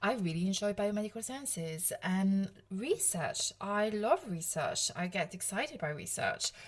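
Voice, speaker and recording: A woman's voice: medium pitch, lively intonation, unhurried. A woman in her thirties speaks with a French accent, talking straight to her listeners on her own podcast. She is chatty and self-deprecating and laughs a lot as she goes. She comes across as an easygoing coach sharing her own story. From France, Provence. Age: 30s. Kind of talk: casual solo podcast talk.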